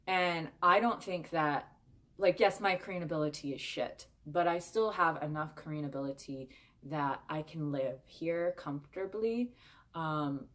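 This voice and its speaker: A young woman vlogger chatting candidly to her viewers, with plenty of fillers. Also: low voice. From United States. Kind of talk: casual chat.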